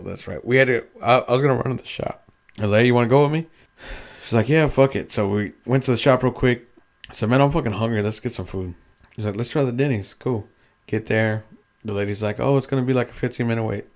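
A man's voice: on the low side, gravelly. A man telling rambling, profanity-filled stories as a podcast co-host in casual chat.

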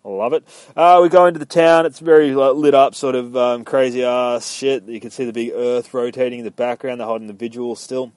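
A man's voice: medium pitch, steady tone, brisk, darkish tone, smooth, no echo. A young man casually retelling a game's story in a rambling, profane way, slipping into quoted voices. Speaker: gamer recapping a story.

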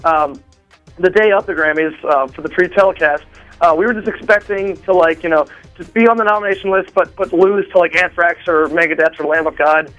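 Brief: high-pitched rambling male guest on a phone call, faint music behind. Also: fairly even intonation, fairly quick, fairly bright tone. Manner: rambling, with many fillers and restarts. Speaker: drummer interviewed as a guest. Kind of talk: excited phone interview chat. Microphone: phone line.

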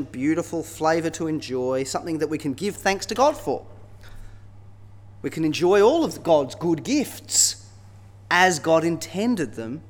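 Preaching man in an echoing hall. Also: a little high. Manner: expressive, conversational, with rhetorical tag questions. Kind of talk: sermon. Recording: long reverb of a large hall.

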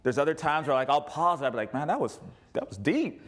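Animated pastor man preaching. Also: on the high side, fast. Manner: animated, jokey, acts out quotes. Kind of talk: sermon with congregation questions.

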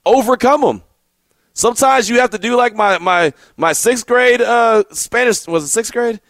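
A man hosting a sports radio talk show, telling stories in an animated way and often repeating words as he goes. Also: very high voice, normal speed, dry recording.

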